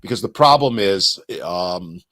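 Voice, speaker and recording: A man's voice: low-pitched, lively intonation, unhurried, fairly bright tone. Chatty man in his sixties. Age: 60s. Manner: casual, chatty, lots of fillers and asides. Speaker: channel host and activist. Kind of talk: live-stream Q&A, reading viewer comments. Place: home studio. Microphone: streaming setup.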